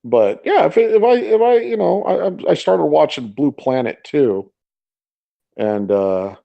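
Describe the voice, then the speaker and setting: A man co-hosting a casual podcast, answering with wry deadpan jokes. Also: a little high, a little slow, gravelly, muffled recording. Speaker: podcast co-host. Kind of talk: casual chat.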